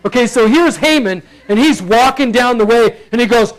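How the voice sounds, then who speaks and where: High-voiced playful preacher. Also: male voice, moderate pace, low-quality recording. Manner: playful, acts out the characters in bursts. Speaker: pastor. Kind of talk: expository sermon. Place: church sanctuary.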